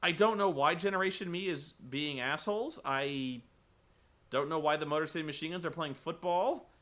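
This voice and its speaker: A man recapping a wrestling show for comedy, rambling and incredulous, swearing and acting out the quotes loudly. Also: on the high side, moderate pace.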